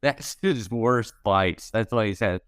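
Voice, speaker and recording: A sixty-something comedy writer, slow and fairly low-pitched with a clean, slightly bright tone, recounts wry anecdotes for a podcast interview. He voices the characters as he goes. The studio recording is clean and echo-free.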